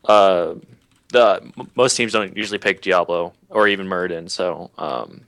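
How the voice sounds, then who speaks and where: A man being interviewed as a guest player, explaining tactics hesitantly with many pauses. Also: low-pitched, creaky, no echo. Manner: hesitant, many fillers, soft-spoken. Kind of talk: interview answers on strategy. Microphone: video call.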